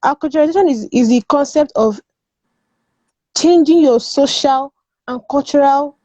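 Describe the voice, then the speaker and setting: High, emphatic woman. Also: a little slow, mellow, no echo. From Nigeria. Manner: emphatic, repeats words, laughs often. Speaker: guest panelist. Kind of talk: casual opinion discussion.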